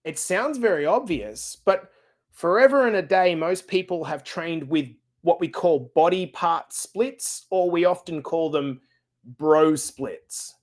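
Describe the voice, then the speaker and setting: A middle-aged man hosting a fitness podcast, coaching listeners in an energetic, direct and casual way. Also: on the high side, slow. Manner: energetic, direct, casual and blunt with occasional swearing. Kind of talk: podcast monologue.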